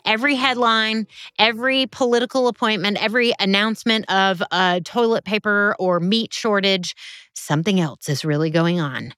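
A woman's voice: medium pitch, moderate pace, a bit bright, clear, resonant tone, no room sound, studio quality. A woman hosting a podcast as a biblical counselor, speaking in a direct, emphatic, teacherly monologue.

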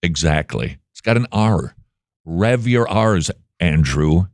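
A man's voice: deep voice, lively intonation, takes it slowly, no room sound, clean studio sound. A man hosting a radio show, chatting casually and teasing his guest with jokes. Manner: joking, teasing banter. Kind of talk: casual interview chat.

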